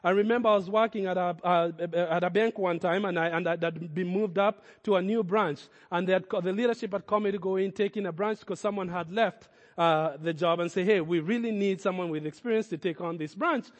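A man's voice: high voice, fairly quick, hardly any pauses, long reverb tail. A man preaching a sermon as a pastor, speaking in emphatic, repeated declarations.

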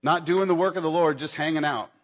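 In a large hall, a pastor preaches at a quick pace and in a conversational style. He voices the characters' dialogue from the Bible story, and his pitch climbs whenever he's moved.

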